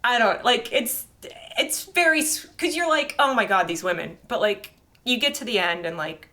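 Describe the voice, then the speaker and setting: A woman's voice: on the high side, very animated, moderate pace, pushed and bright. A young woman chatting casually on a podcast, full of "like", laughing often and acting out quotes from movies. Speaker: podcast co-host. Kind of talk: casual chat.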